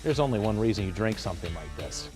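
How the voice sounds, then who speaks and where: A man's voice: fairly low pitch, expressive, fast talker, music in the background. A man anchoring morning TV news, joking and ad-libbing between stories. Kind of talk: playful morning news banter. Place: TV news studio.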